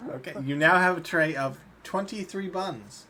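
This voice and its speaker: A man's voice: a little high, moderate pace, slight background noise. Man running a tabletop game. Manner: relaxed, often breaks into laughter. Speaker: game master.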